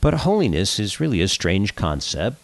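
Lively low-voiced male radio host. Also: normal speed, gravelly, no echo. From Southern California. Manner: lively, animated storytelling. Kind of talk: radio show hosting and joke telling.

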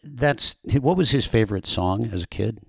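A man's voice: on the low side, animated, moderate pace, vocal fry, husky, no echo, studio quality. A man interviewing an author, asking conversational questions and giving short reactions.

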